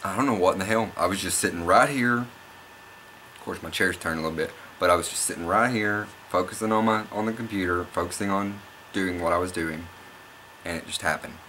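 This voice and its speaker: Young guy vlogging, low voice but bright edge, rambly and worked up, faint hiss behind. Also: fast. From Oklahoma. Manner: rambling, excitable, restarts and repeats himself. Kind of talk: casual storytelling vlog.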